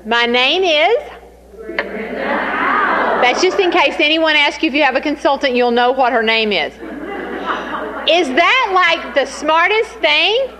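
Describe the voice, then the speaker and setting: High-voiced woman coaching a hall. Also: a little slow, pauses often, a crowd in the background. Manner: lively, teasing, talks straight to the group. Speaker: sales trainer. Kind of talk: coaching a training session.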